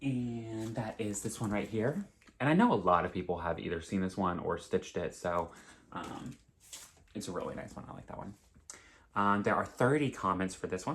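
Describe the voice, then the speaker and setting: A young man with a deep, low voice talks casually to his viewers from home. He rambles in a chatty, openly emotional way, with a faint hiss in the background. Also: normal speed, a bit bright. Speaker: cross-stitch vlogger. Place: home, indoors.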